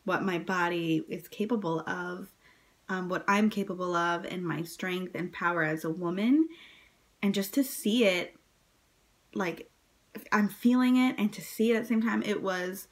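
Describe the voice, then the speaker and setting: A woman talking straight to camera about a big day in her life, loose and conversational. Her speech is packed with "like" and "um", and she jumps up into a high voice whenever she quotes people. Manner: chatty, many fillers, acts out quotes in a high voice. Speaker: vlogger telling her birth story. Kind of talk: casual personal storytelling to camera.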